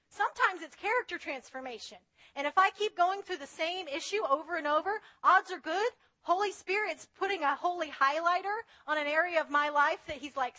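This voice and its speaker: Bright high-voiced woman preaching. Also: rough recording. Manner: earnest, conversational, tells anecdotes. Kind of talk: sermon with personal stories.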